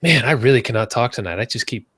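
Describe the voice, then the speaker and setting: A man hosting a casual podcast chat, joking and self-mocking, jumping up in pitch when he asks questions. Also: lively intonation, fast, a bit bright, breathy edge. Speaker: podcast host.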